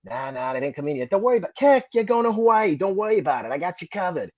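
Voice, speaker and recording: A man putting on the voice of a gruff, reassuring master sergeant with a Boston accent, repeating his promises in a clipped way. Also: high voice, very animated, racing, darkish tone, no room sound, lo-fi sound, voice pushed up. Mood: breezy.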